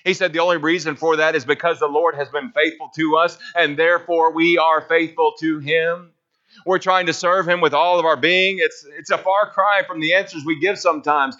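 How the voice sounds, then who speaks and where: A man's voice: on the high side, steady tone, normal speed, pushed and bright, lo-fi sound. A man preaching a sermon in a conversational way, often asking rhetorical questions.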